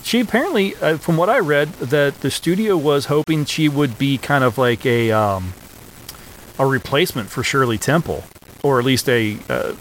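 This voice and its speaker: A man co-hosting a podcast, chatting casually about an old film in a relaxed, hesitant way with many fillers. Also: medium pitch, normal speed, a little hiss or hum, poor audio. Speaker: podcast co-host.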